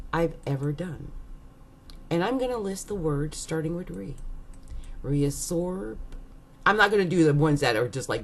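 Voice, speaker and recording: A woman's voice: low voice, gravelly, slight background noise. A woman hosting an astrology video, talking casually to her viewers and playfully running through a long list of words with musing asides. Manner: playful, drawn-out word listing with musing asides.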